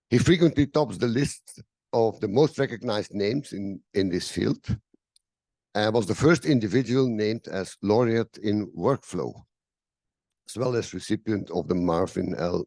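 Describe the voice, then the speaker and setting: A man with a lowish, gravelly voice reads a speaker introduction at a conference, tripping over words now and then. The sound is dry and close to the mic. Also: a little mellow, no room sound. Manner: reads a bio aloud with slips and restarts. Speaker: session chair introducing the speaker.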